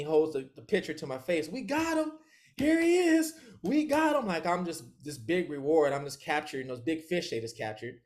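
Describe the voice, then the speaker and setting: Animated man telling a story, laughing. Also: fairly high pitch. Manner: acts out other people's lines in quick voices. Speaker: interview guest. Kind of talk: casual storytelling.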